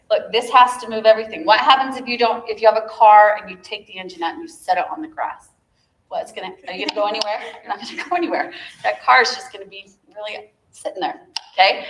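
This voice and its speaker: A woman's voice: mid-range voice, a bit bright. A woman teaching a viola masterclass, talking through bowing technique with chatty, encouraging asides. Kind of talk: masterclass coaching. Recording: echoey room with instrument playing.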